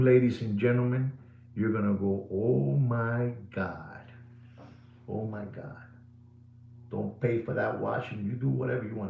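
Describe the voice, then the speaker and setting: A middle-aged man hosting a live watch sales show. He is repetitive and showy, swings between booming and hushed delivery, and slips Spanish words into his English. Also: gravelly, slight background noise. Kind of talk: live sales pitch to viewers. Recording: roomy echo.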